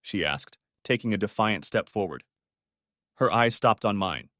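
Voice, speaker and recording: Sex: man. Role: audiobook narrator. Style: scripted first-person story. Pitch: lively. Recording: dry. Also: unhurried, no room sound. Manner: dramatic, expressive storytelling.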